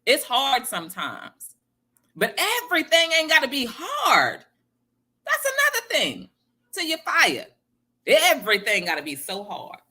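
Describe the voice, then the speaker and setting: A woman's voice: sits high, huge pitch swings, measured pace, bright, forceful tone, slightly rough. A woman giving a casual motivational talk, emphatic and repeating her key phrases to viewers. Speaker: motivational speaker.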